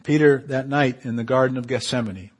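A man preaching a sermon in an animated way, often repeating and restarting phrases and building to loud, emphatic peaks. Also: medium pitch, a little fast, slightly rough.

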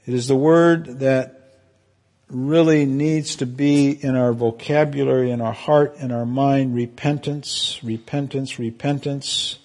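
A male pastor delivers a fervent, emotional sermon, his voice rising high when feeling peaks. Overall his tone stays steady and mellow, and his pace is a little slow.

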